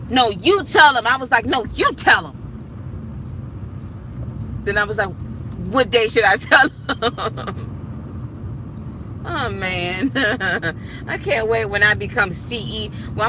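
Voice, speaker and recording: A young woman and property manager chatting casually to her viewers, telling stories with frequent laughter, from a parked car on her phone. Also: medium pitch. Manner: chatty, storytelling, laughs often. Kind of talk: casual live chat to viewers. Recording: street noise from outside the car.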